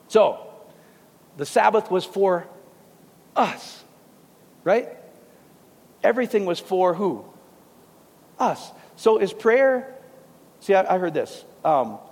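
A man preaching a sermon to a congregation, in a conversational, animated way with casual asides. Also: high voice, vocal fry, slightly rough, long reverb tail.

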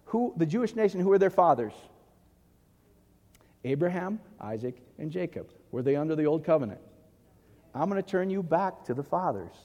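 A man's voice: on the high side, warm tone, big-room sound. A man preaching a conversational sermon as pastor, often asking the congregation questions.

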